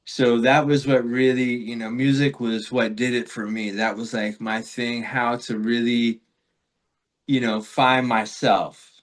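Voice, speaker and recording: A man's voice: medium pitch, flat delivery, unhurried. Reflective man telling a spiritual story. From Florida. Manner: reflective, rambling, frequent fillers and soft laughs. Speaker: podcast guest. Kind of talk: casual storytelling in a spiritual interview.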